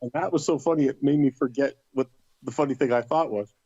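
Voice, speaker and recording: A man's voice: mid-range voice, fast, no echo, muffled recording. A middle-aged man casually telling a story, acting out the other people's lines in livelier voices. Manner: animated, acts out voices in quotes. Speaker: podcast guest.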